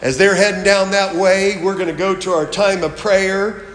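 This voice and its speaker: A man leading a children's sermon, then moving to the prayer time, in an animated, playful way. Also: high voice, moderate pace, a little hiss or hum. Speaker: pastor. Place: church sanctuary. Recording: echoey hall from far off.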